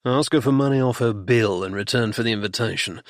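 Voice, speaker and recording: A man voicing a blustering, jocular middle-aged aristocratic duke in an audiobook, gruff and clipped. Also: medium pitch, brisk, no room sound, studio quality, lightly acted.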